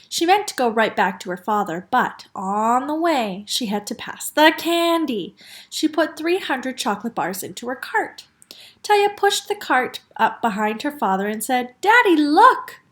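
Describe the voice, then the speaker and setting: A woman teacher reading a storybook aloud to young children, expressive, with asides to the class. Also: a little high.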